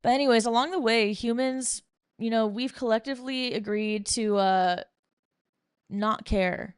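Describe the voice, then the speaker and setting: A woman's voice: on the high side, measured pace, clear, resonant tone, no echo, clean studio sound. A young woman hosting a podcast, ranting casually and bluntly with lots of swearing and sarcasm while reading from bullet points. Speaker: podcast host.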